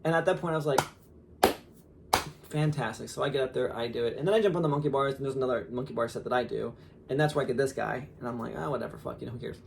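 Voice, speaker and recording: A man in his thirties, a father, telling a story casually on a podcast in an animated way with lots of fillers. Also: mid-range voice, very fast, creaky, background noise. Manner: animated, laughing, lots of fillers and quoted asides.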